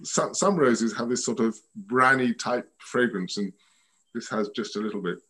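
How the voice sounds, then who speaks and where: A man's voice: mid-range voice, moderate pace, a bit bright, low-quality recording. A man from France, a guest rose expert, chatting casually over a video call from home in a rambling, hesitant way. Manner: rambling, hesitant, restarts often. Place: at home by a window.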